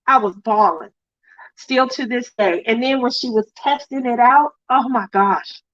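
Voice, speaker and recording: A woman's voice: fairly high pitch, unhurried, fairly bright tone, no echo, highs cut off. A middle-aged woman hosting a crafting livestream, telling a heartfelt family story in a chatty, emotional way. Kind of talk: casual chat reading viewer comments.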